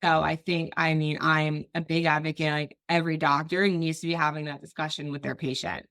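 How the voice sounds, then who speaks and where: A woman guest on a casual podcast interview, talking in an animated way, laughing easily and jumping into quoted voices. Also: deep voice, a little fast, no echo, clean studio sound.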